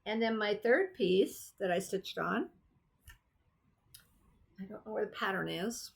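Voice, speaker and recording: Husky, gravelly-voiced chatty woman. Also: medium pitch, unhurried. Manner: rambling, chatty, searching aloud. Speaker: craft vlogger. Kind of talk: casual chat.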